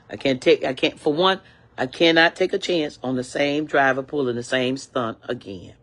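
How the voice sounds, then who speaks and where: With a low-pitched, fairly bright voice at normal speed, an older woman vlogger delivers an angry complaint. She goes on repeating herself, stressing points with indignant, preachy force.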